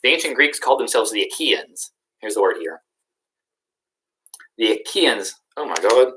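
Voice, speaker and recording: A man's voice: lowish voice, animated, moderate pace, pushed and bright, slight background noise, rough recording. A young adult male teacher recapping a story in a recorded lesson, in a casual, slangy and joking way.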